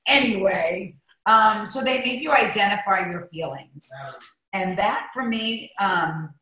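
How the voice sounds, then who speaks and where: A woman's voice: mid-range voice, unhurried, bright, forceful tone. A woman guest talking candidly and emotionally, rambling as she shares her feelings in an interview. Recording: echoey room.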